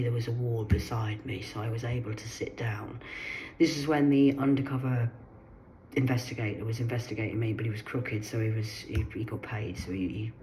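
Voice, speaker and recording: An older woman delivering a rambling personal monologue in her garden, agitated, swearing and swinging between low muttering and sharp outbursts. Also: a little hiss or hum, rough recording. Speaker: vlogger. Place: sitting in her garden outdoors.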